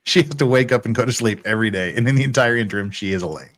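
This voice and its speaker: A man's voice: medium pitch, rapid-fire. A man hosting a casual livestream about a trial, talking wryly and thinking aloud. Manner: lively, wry, thinking aloud. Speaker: show host. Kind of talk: casual livestream legal commentary.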